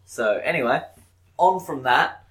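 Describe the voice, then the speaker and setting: Bright-voiced easygoing man. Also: medium pitch, lively intonation, measured pace. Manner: easygoing, frequent agreeing, enthusiastic. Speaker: podcast co-host. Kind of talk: casual chat.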